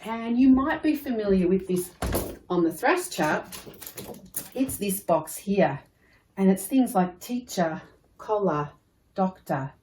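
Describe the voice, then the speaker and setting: A woman's voice: mid-range voice, animated, slow pace, pauses often, mellow, a little hiss or hum. A woman with an Australian accent, patiently explaining a spelling lesson to children. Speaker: primary school teacher. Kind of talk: recorded online lesson. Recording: echoey room.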